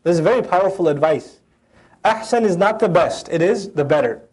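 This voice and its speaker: A man lectures on the Quran at a rapid clip, his voice sitting high. He recites Arabic lines and unpacks them with lively, acted-out voices. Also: slightly rough. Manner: animated, acts out voices of the verses; recites Arabic verses then translates. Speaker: Quran teacher.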